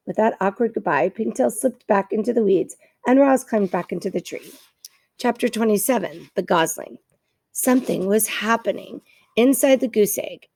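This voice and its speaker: A woman reading a children's novel aloud in a steady storytelling manner, with occasional small stumbles. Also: mid-range voice, normal speed, creaky, dry recording, studio quality. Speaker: reader.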